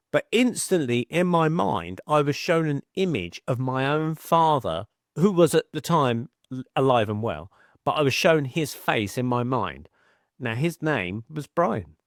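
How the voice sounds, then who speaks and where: A man's voice: medium pitch, no echo, clean studio sound. A middle-aged man, a podcast guest telling chatty anecdotes and acting out quoted voices. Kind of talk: casual storytelling.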